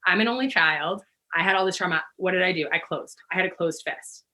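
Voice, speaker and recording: A woman guest on a podcast, a yoga teacher, telling stories in an animated, rambling way full of fillers. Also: fairly low pitch, fairly quick. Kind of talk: casual interview conversation.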